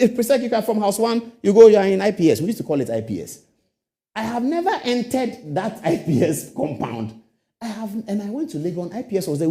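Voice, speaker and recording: A man's voice: fairly high pitch, mellow. A middle-aged man with a Ghanaian English accent, a TV host delivering an emphatic, repetitive political commentary monologue.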